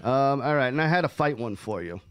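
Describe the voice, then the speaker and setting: A man's voice: medium pitch, lively intonation, brisk, a bit bright, smooth, no room sound. A man hosting a casual podcast chat, talking in a profane, emphatic, rambling way. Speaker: podcast host.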